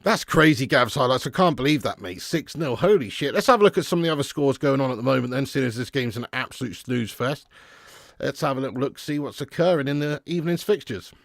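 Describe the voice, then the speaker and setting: A man streaming a live football watch-along, reading viewer comments casually, then swearing and shouting at the match as it unfolds. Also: medium pitch, expressive, fast talker, vocal fry, no room sound, studio quality.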